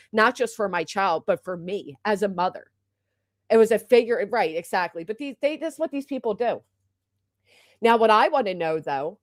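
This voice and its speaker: A fairly high-pitched woman rants on her livestream, heated and indignant, swearing freely as she vents. She sounds agitated and upset. Her voice is close and dry, with no room sound. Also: no echo. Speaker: livestream host. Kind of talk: angry livestream rant.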